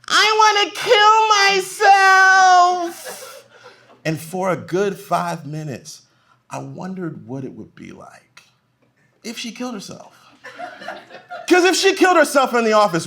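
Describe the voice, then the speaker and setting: A man performing a live stand-up comedy set on a club stage, swinging between loud punchlines and quiet muttered asides. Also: fairly low pitch.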